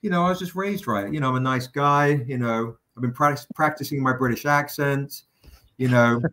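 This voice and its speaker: A man's voice: medium pitch, moderate pace, pushed and bright. A man hosting a live stream, chatting casually with fillers, jokes and the odd swear word. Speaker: livestream host running a crowdfunding campaign.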